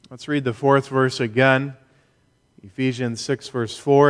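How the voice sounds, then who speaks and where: A pastor preaching a Sunday sermon, measured and emphatic, with deliberate pauses. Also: male voice, mid-range voice, steady tone. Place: church. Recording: long reverb of a church hall.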